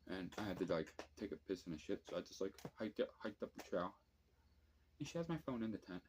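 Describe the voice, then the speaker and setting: A man's voice: low-pitched, lively intonation, brisk, a little mellow, slight background noise. A man in his thirties ranting casually to camera at night, telling rambling, profane stories with many fillers. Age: 30s. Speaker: vlogger. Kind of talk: casual late-night rant. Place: at home at night, drinking and smoking.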